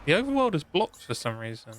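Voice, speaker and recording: A man's voice: on the high side, wildly swooping pitch, fast, fairly bright tone. A man chatting loosely as he streams a game, rambling and self-deprecating. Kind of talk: gaming stream commentary. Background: game music.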